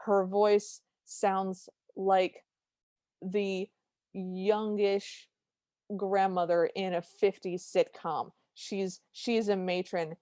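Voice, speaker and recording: A woman hosting a podcast, talking in an animated, chatty way and often catching and correcting herself. Her voice sits at a middle pitch and sounds dry and close. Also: no room sound. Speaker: podcast host. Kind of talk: casual podcast chat.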